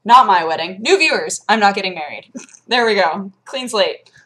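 A woman talking casually to her camera at home. Her talk rambles and bounces, full of fillers, restarts and sudden jumps in pitch. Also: expressive, moderate pace, a bit bright. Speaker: vlogger. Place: home room.

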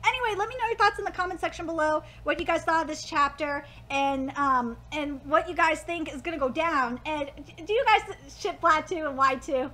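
A woman hosting a live manga reaction, gushing and swearing as she shrieks with excitement. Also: high voice, fairly quick, hardly any pauses. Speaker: YouTube host.

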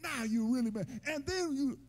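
A man pastor preaching a sermon in a church, with a chanting, sing-song delivery that rises to shouts. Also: very high-pitched, animated, moderate pace. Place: church sanctuary.

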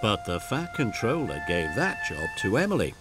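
A man narrating a children's story in a gentle, expressive way. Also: fairly low pitch, moderate pace, over loud music.

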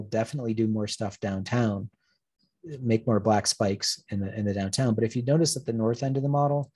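Husky-voiced man giving a public talk. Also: fairly low pitch, darkish tone, dry recording, studio quality. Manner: conversational, plain-spoken, with wry anecdotes. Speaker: urban planning consultant giving a public presentation. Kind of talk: public lecture with slides.

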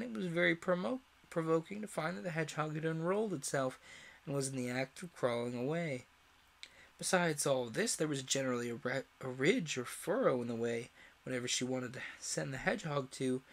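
A man reading a classic children's story aloud in an expressive way, with the odd slip. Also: medium pitch, vocal fry. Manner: expressive, animated read-aloud with small slips. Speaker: storyteller, streamer.

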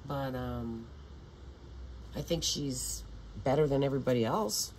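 A woman's voice: very deep voice, a little slow, a little mellow, slight background noise, poor audio. An older woman vlogging in a meandering, profane monologue full of restarts. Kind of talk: rambling casual monologue.

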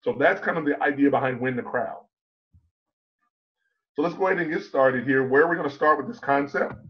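In an online conference talk, a man coaches on public speaking with emphasis and lots of rhetorical questions, slowing down to stress key points. His pitch is medium, and the recording sounds muffled.

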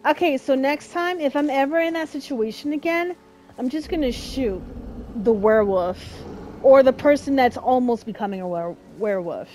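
A woman's voice: sits high, normal speed, warm tone, a little hiss or hum, rough recording. A woman streamer giving chatty, reactive let's-play commentary and swearing casually as she plays. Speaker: gameplay streamer.

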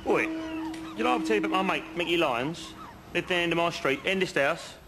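An actor playing a working-class house painter who spins long pointless anecdotes in an earnest, chatty way, outdoors. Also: male voice, on the high side, fast, loud music behind the voice, close to an everyday voice. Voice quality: chatty, earnest storyteller, leading asides. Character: rambling working-class male painter spinning pointless yarns. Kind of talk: comedy sketch acting. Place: outdoors on a bridge.

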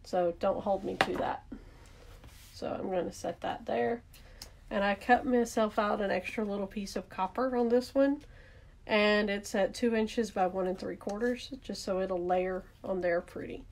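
A woman with a Southern accent walks viewers through making a handmade card in a relaxed, chatty way. She narrates each step as she works, pausing to fix things and correct herself. Her mid-pitched voice has a slightly gravelly texture. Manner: chatty, thinks aloud while working, self-correcting. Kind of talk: casual craft demonstration.

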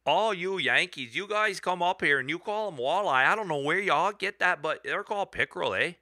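A man's voice: sits high, animated, brisk, bright, forceful tone, no room sound, clean studio sound, voice pushed up. A man putting on a folksy Canadian fisherman. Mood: teasing. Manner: folksy, teasing. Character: chatty Canadian man correcting Yankees.

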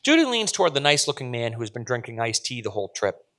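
A man's voice: medium pitch, very animated, quick pace, sharp tone. A male author reading his fiction aloud at a live event, with vivid, dramatic narration. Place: live event at a literary venue.

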